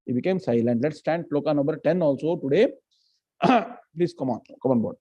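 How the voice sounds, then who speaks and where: A man teaching a live scripture class, chanting verses slowly and questioning his students. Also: fairly high pitch, dark tone, slightly rough, dull audio. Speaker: Gita teacher.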